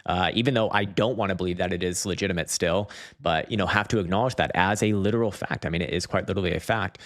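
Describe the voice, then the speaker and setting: Man, low-ish voice, casual livestream host, rambling, profane. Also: fast. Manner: rambling, profane, laughs often. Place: dim room at home.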